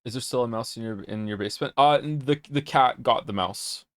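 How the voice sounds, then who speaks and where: A man's voice: mid-range voice, brisk, a bit bright, no room sound, clean studio sound. A young man streaming, chatting loosely with his viewers, rambling and reading their messages aloud, sometimes flustered. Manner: rambling, reads chat aloud, gets flustered. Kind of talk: casual chat with viewers.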